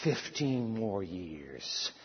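God as a high, husky authoritative voice, done by a preacher in an echoing hall. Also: male voice, animated, fairly quick. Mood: relenting. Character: God speaking, a commanding divine male voice. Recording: dull sound with long hall reverb.

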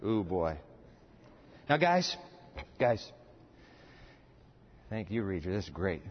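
A man preaching a sermon with a live demonstration, folksy and animated, joking with the audience in a church hall. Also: low voice, slow, a little hiss or hum. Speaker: pastor. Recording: dull, long-reverb hall sound.

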